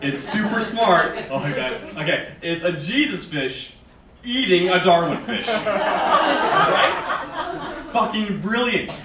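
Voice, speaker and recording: A man in his thirties from Northern Virginia performing a stand-up comedy set in a wry, sarcastic, animated way, recorded from a distance on a small theater stage. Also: high-pitched, takes it slowly, over a noisy crowd. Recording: echoey theater from far off. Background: live audience laughing.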